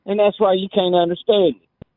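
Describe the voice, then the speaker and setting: Man phoning in, high and lively, ribbing the host, tinny phone line. Brief: mocking call-in trash talker. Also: moderate pace, no room sound. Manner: mocking, sing-song repeated "hey". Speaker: caller. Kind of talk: trash-talking call-in banter.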